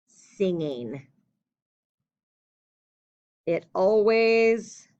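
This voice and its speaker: Teacher woman dictating a letter slowly. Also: mid-range voice, fairly bright tone, muffled recording. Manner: slow and deliberate when dictating, chatty in between. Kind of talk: recorded classroom writing lesson.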